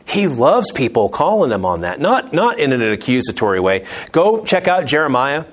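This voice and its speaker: Man, Bible teacher, casual lesson, joking asides, mid-pitched voice. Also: big pitch swings, moderate pace. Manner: chatty, with joking asides and restarts.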